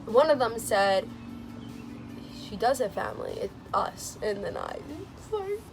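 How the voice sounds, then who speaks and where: A young woman vlogger chatting casually about a movie she just saw, gushing and excitable, with lots of "like"s, laughs and sighs. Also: a little slow, creaky, music in the background. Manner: gushing and excitable, many "like"s, laughs and sighs, swings into squealing high quotes. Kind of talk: casual chat.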